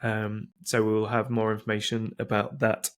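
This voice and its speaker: A man hosting a podcast, briskly steering the talk. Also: lowish voice, completely flat delivery. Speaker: podcast host. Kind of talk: casual chat.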